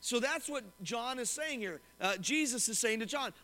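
Man pastor preaching, real high voice, sharp and bright, asks the room stuff, church echo. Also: normal speed, few pauses. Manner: animated, asks the congregation questions. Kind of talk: sermon. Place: church sanctuary. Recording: long hall reverb.

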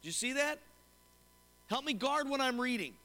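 High bright-voiced preacher in a hall. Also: male voice, normal speed. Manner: animated, asks the congregation questions. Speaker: pastor. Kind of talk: sermon. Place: church sanctuary. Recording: long hall reverb.

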